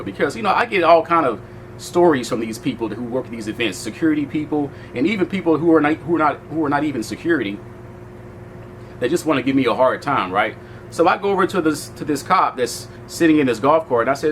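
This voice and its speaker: A man vlogging, retelling a heated run-in in a casual, animated way, later chatting outdoors at an event venue. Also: on the high side, quick pace, a little hiss or hum, poor audio. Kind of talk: casual storytelling to camera.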